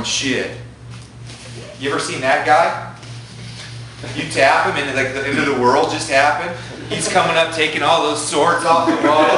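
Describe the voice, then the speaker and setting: Animated jiu-jitsu instructor in an echoey gym. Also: male voice, mid-range voice, slight background noise. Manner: excitable, profane, acts out students' thoughts. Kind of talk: animated talk to a class. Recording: echoey room from a distance.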